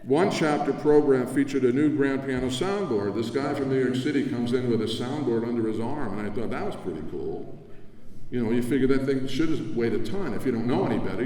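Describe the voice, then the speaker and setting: An older man delivers a rambling, reminiscing acceptance speech in a dark, mellow voice. He stands well back from the microphone, and his words carry through the long reverb of a large convention hall. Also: medium pitch. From New Jersey. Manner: warm, reminiscing, conversational with asides. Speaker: award recipient giving acceptance speech. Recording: echoey hall from far off.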